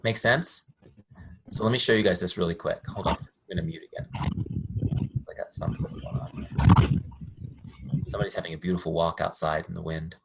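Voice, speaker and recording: A man's voice: sits low, lively intonation, a little fast, vocal fry, long pauses, noisy background. A man giving a casual live training over a video call, telling stories and often checking that his listeners follow. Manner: chatty, storytelling, asks "make sense?" often. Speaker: software founder teaching a training.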